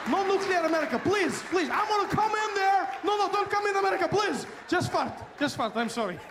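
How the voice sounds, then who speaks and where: A man's voice: very high-pitched, lively intonation, fairly quick, crowd noise, noisy background, voice pushed up. A man doing a frantic, pleading little country. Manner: frantic, apologetic, begging. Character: panicky small male country, pleading.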